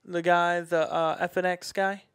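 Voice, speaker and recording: A man with a high-pitched voice tells stories in loose conversation and keeps bursting into acted-out quotes and loud exclamations. The sound is dry and close, with no room echo. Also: little pitch movement, a little slow, clear, resonant tone. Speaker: podcast guest. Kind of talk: casual storytelling chat.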